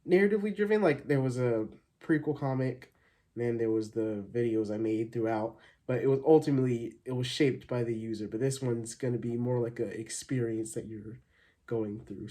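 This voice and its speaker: A man chatting straight to his viewers in a loose, rambling way, full of ums and restarts. His voice is mellow and soft-edged, sitting at an ordinary middle pitch. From Arizona, USA. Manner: rambling, upbeat, many fillers and restarts. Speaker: channel host. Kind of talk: casual thank-you vlog.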